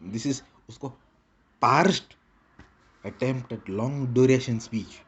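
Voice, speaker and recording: A man's voice: mid-range voice, takes it slowly, breathy edge. A man rambling in a casual monologue with a put-on Indian English accent, repeating short clipped broken-English phrases. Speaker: vlogger.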